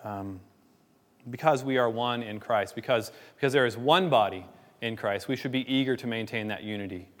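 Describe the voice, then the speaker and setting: A man's voice: mid-range voice, moderate pace. A man preaching a sermon as pastor, earnest and pleading, often restarting and repeating words. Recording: long hall reverb.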